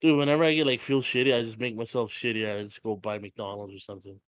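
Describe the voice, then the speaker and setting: A young man from Hawaii chats loosely on a podcast mic at home, swearing freely and letting his lines sink into quiet mutters. His voice sits at an ordinary middle pitch, recorded close and dry with no room sound. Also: steady tone, fast talker, no echo. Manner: profane, joking, trailing off into mumbles. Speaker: podcast co-host. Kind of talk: casual podcast chat.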